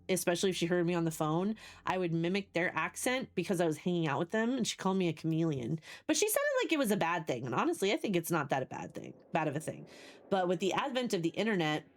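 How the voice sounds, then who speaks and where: A woman's voice: on the low side, lively intonation, quick pace. A woman in her forties from the United States, a livestreamer who chats casually with her viewers and rambles through stories while answering chat. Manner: chatty, rambling storyteller, greets and answers chat.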